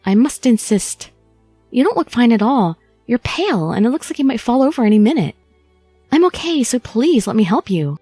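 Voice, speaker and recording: A woman voicing a gentle, earnest young woman who speaks in a pleading, tender way. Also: fairly high pitch, sing-song, normal speed, slightly rough, no room sound, faint music behind.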